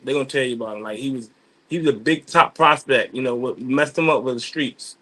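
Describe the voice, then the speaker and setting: A man in casual chat on a video call from his office, talking in loose slang with lots of halting restarts. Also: medium pitch, a bit bright. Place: office at work.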